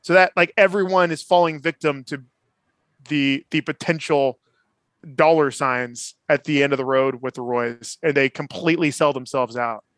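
A man chatting on a podcast about a TV drama, retelling scenes with quick acted-out lines from the characters. His voice sits a little higher than most men's. The sound is close and dry, with hardly any room around it. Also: steady tone, a bit bright, no room sound. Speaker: podcast co-host. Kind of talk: casual TV recap chat.

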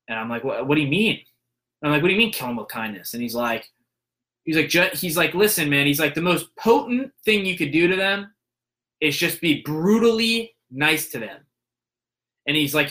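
A man's voice: fairly high pitch, sharp tone. A young man telling a story in a casual monologue, rambling with fillers and restarts and acting out the people he quotes.

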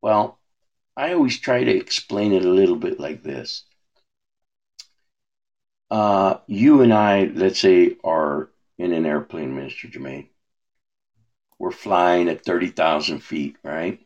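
Guy preaching slow and easy, lowish voice, lots of "you know" and restarts. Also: dull audio. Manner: relaxed, repetitive restarts, rhetorical questions. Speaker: minister. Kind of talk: preaching conversation.

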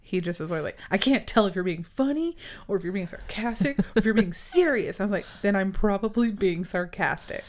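A woman's voice: medium pitch, expressive, a little fast, a little mellow. Playful, teasing young woman host. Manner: playful, teasing, jumps in often. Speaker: podcast co-host. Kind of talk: casual chat.

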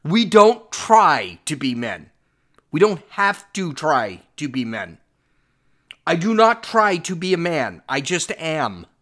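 A man's voice: high voice, a bit bright. A middle-aged man hosting a podcast, giving blunt, sarcastic commentary on clips he plays and repeating himself as he argues. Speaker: podcast host. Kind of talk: opinionated commentary on played clips.

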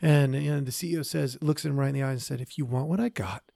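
A man's voice: mid-range voice, fast talker, gravelly, mellow, no room sound, studio quality. A man co-hosting a podcast, telling a long story casually, with many fillers and restarts. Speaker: podcast co-host.

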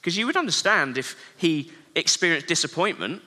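Earnest preacher, man, bright and slightly high voice, sermon in a reverberant hall. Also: big pitch swings, moderate pace. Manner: earnest, many rhetorical questions.

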